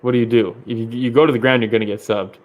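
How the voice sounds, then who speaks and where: A man's voice: mid-range voice, fairly even intonation, racing, dull audio. A man co-hosting a casual podcast about fights, loose and profane, laughing often. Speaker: podcast co-host.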